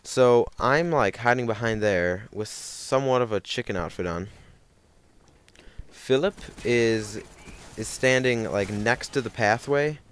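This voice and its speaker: A man's voice: mid-range voice, unhurried, clear, resonant tone. A young man telling a rambling story over gameplay, full of fillers and self-corrections. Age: young adult. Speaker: gaming commentator.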